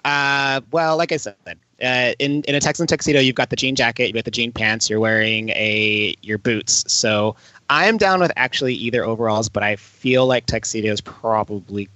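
A man's voice: mid-range voice, normal speed, pushed and bright, no room sound, poor audio. A man in a casual trivia game, explaining his answer in an easygoing way. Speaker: trivia contestant.

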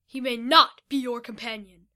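A hot-tempered male cave dweller, read aloud by a woman narrator. He barks his lines loudly with a bright, forceful edge, quick to lash out in a storybook reading. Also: high voice, lively intonation. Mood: angry. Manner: forceful, angry outbursts.

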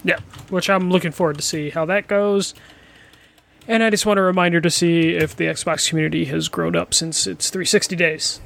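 Male gaming podcast co-host, slightly raised pitch, casual and profane, quick to laugh. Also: fairly even intonation, gravelly, fairly bright tone, a little hiss or hum. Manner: laughs often, blunt and profane. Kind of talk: casual chat.

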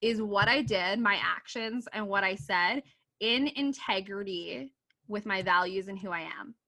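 Give me a young woman with a bright, forward voice, chatting as a podcast guest, animated and laughing as she acts out her own quotes. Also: mid-range voice, a little slow. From Canada. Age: 20s. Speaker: podcast guest, coach and author. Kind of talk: casual podcast interview.

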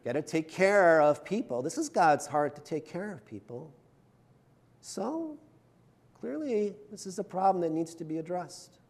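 A man's voice: sits high, animated, a little slow. A male pastor preaching a conversational sermon, chatty and self-deprecating, often checking in with the congregation. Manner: chatty, self-deprecating humor, frequent "right?" tags.

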